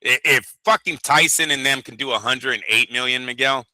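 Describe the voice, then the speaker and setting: A man co-hosting a boxing talk show, chatting casually in an animated, profane, excitable way. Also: mid-range voice, brisk, no echo, poor audio. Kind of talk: casual chat.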